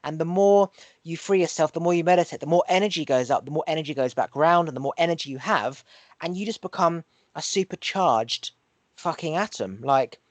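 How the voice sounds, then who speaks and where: Male podcast host, earnest and preachy, higher-pitched voice, dry close sound. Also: a little fast, no room sound. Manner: earnest, preachy, repeats phrases in rhythm; swears for emphasis. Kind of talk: casual podcast chat.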